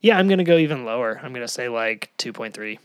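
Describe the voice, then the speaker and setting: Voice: medium pitch, animated, quick pace, smooth, no echo, clean studio sound. A podcast co-host in casual chat, talking chattily and laughing often.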